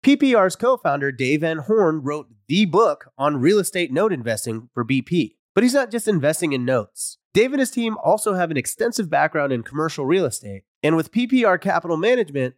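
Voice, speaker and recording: Lively, higher-voiced man reading ads. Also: fairly quick, hardly any pauses, no echo, studio quality. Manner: upbeat promotional delivery. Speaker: podcast host reading sponsor ads. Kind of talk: scripted ad read.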